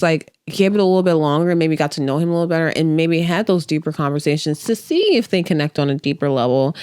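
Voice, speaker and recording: A woman's voice: lowish voice, darkish tone, smooth, no room sound, studio quality. A woman reviewing a TV show in casual chat, talking bluntly and chattily, full of fillers and the odd swear word.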